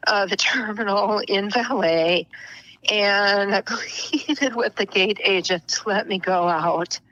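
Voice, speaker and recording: A middle-aged woman speaks with a bright, clear tone as a podcast guest. She unfolds an emotional personal story at an unhurried, deliberate pace. At tender moments her voice sinks to a whisper, and the sound stays close and dry. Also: medium pitch, dry recording, highs cut off. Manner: slow and earnest, dropping to a whisper at tender moments.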